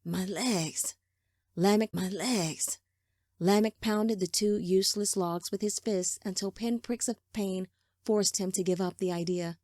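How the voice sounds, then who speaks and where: A woman's voice: medium pitch, fairly even intonation, normal speed, warm tone, dry recording. Woman narrating a novel, dry sound. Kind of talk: scripted audiobook narration.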